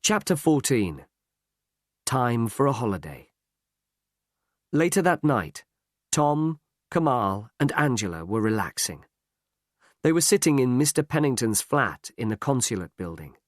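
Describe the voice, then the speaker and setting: A man narrating a story aloud in a slow, clear, expressive reading. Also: medium pitch, no echo, studio quality.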